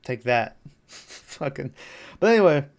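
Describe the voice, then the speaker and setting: A man's voice: fairly high pitch, big pitch swings, takes it slowly, vocal fry. Casual profane man recapping a film. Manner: rambling, profane, laughs while retelling scenes. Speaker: podcast host.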